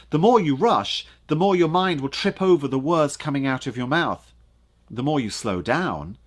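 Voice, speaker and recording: A man giving a lively online coaching talk on presenting, speaking to camera and using dramatic pauses and punched words for emphasis. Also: fairly high pitch.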